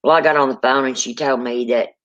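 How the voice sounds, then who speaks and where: A woman's voice: rumbling low, fairly even intonation, quick pace. A woman tells ghost stories in a folksy, rambling way. She often starts a sentence over and calls the listener "honey." Her voice comes through dull, lo-fi call audio. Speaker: guest telling ghost stories. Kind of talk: casual storytelling chat.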